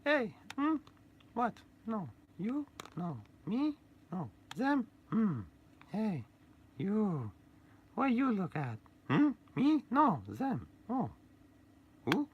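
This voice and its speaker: A man voicing a needy, creepy little male toy figure in a high squeaky falsetto. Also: wildly swooping pitch, drawn-out words, pauses often, breathy edge, lo-fi sound, heavily acted. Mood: suspicious. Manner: squeaky high falsetto, pleading then menacing.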